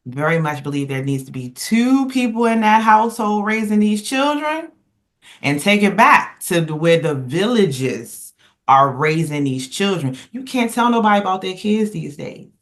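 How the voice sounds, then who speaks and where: A woman speaking on a casual podcast roundtable, emphatic and animated, circling back and restarting as she tells stories. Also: mid-range voice, normal speed. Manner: emphatic, animated storyteller who rambles and restarts. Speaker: roundtable panelist.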